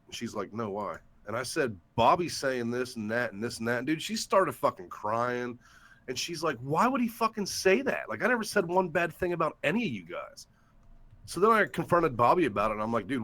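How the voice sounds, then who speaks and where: A guest YouTuber calls in to a livestream show, telling a story bluntly and casually with lots of swearing. His voice is mid-range and fairly bright, picked up by a headset or desktop mic.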